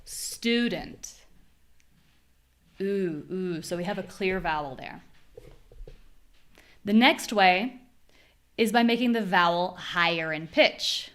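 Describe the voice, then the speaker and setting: An American woman teaching a live online pronunciation class, modeling words with clear, exaggerated stress. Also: lowish voice, measured pace, long pauses, a bit bright.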